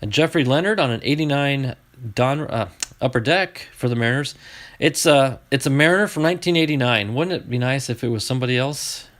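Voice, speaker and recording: A man opening packs of baseball cards on a live stream, chatting to viewers and getting excited over each find. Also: mid-range voice, fairly quick. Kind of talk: live card-opening chat.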